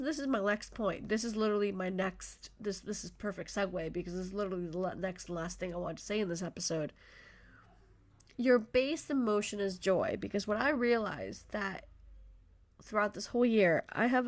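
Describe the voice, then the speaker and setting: Passionate, rambling woman podcaster. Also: medium pitch. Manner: effusive, passionate, rambling with self-interruptions. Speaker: podcast host. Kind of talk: motivational solo podcast talk.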